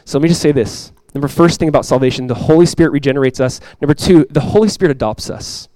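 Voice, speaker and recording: Young male pastor preaching, earnest, repeats phrases, slightly higher voice, dry close sound. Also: fast talker, no room sound, poor audio. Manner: earnest, repeats key phrases, drops to soft intimate tones. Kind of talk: sermon.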